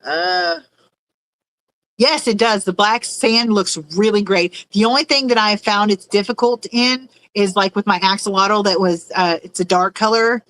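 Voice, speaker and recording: A woman's voice: mid-range voice, moderate pace, hardly any pauses, fairly bright tone, low-quality recording. A woman hosting a casual livestream, chatting and reading viewers' messages aloud, often searching for words. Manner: rambling, reads chat aloud, searches for words. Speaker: livestream host.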